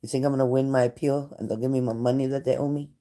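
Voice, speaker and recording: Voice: medium pitch, fairly even intonation, very fast, dark tone. A psychic reader hosting a casual live stream who talks straight to viewers by name, repeats phrases and gets emotional and fervent.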